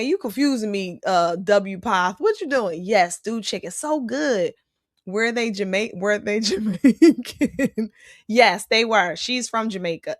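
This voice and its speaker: A woman hosts a casual live stream and chats her way through viewer comments. She reacts freely and keeps up a loose back-and-forth with the chat. Her voice sits in an ordinary middle pitch, recorded close and dry. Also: no room sound. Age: adult. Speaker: host reading live chat.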